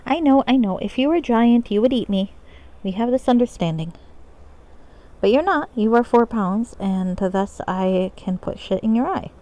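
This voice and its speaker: A woman's voice: on the high side, expressive, normal speed. A woman streamer chatting casually and coaxing her cat during a live game stream. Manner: soft, coaxing talk to a pet.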